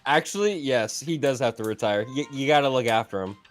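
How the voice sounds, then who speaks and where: A man playing in a tabletop game, excitable, stammering and swearing as he chats. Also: medium pitch, brisk, soft background music. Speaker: player. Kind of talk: casual tabletop game chat.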